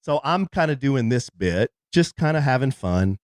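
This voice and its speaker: A man's voice: mid-range voice, very animated, normal speed, dry recording, clean studio sound. A man, co-hosting a podcast and telling a jokey story in a casual chat. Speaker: podcast co-host. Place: in a car.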